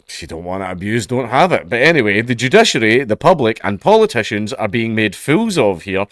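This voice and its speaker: A man's voice: lowish voice, big pitch swings, fairly quick, a bit bright, no echo, studio quality. A Scottish man reading out news stories and adding sarcastic, profane remarks with laughing asides. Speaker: commentator.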